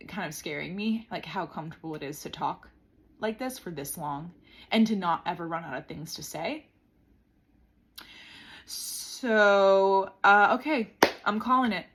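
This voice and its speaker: A young woman talking alone to her camera while sitting on the floor at home, bubbly and effusive, swinging between loud bursts and hushed asides. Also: mid-range voice, husky. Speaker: vlogger. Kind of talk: casual solo talk to camera.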